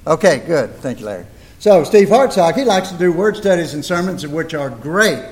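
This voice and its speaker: A man's voice: on the high side, sing-song, moderate pace, a little mellow. An older American man preaching a folksy sermon in a church, talking chattily into a microphone and asking rhetorical questions. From United States.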